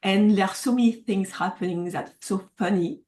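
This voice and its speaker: A woman's voice: mid-range voice, normal speed, a little mellow. French-accented woman, earnest author guest. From France. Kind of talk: casual interview chat.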